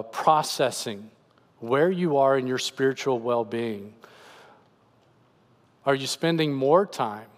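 Pastor preaching in a reverberant church. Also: male voice, medium pitch. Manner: earnest, paraphrases scripture in a conversational voice. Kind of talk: sermon. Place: church sanctuary.

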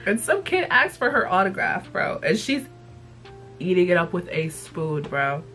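A young woman vlogger casually retelling a cartoon episode in a profane, slangy, animated way. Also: mid-range voice, fairly quick, faint music behind. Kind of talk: casual chat.

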